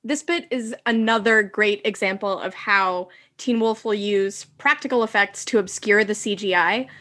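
A woman co-hosting a casual podcast, recapping a TV episode with dry, brisk quips. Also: mid-range voice, a bit bright. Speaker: podcast co-host.

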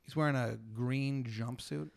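A man improvising an absurd second-person story for a comedy podcast, rambling deadpan with many fillers. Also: medium pitch, a little slow, creaky. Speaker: podcast co-host.

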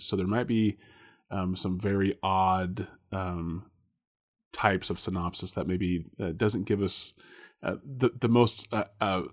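Chatty low-voiced man hosting a podcast. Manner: chatty, rambling with many fillers and restarts, laughs often. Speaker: podcast co-host guessing films. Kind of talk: casual podcast chat.

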